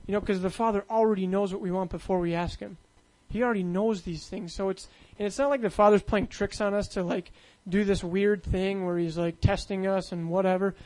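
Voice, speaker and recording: A man's voice: sits high, steady tone, brisk, few pauses, a little mellow, poor audio. A man preaching a sermon in a loose, conversational way, full of fillers and asides.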